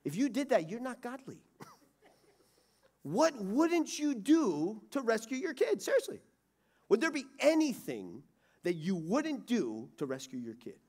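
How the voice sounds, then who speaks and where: A middle-aged man preaching a sermon, swinging from loud urgency to hushed pleading. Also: very high-pitched, sing-song, unhurried. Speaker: pastor. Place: church sanctuary.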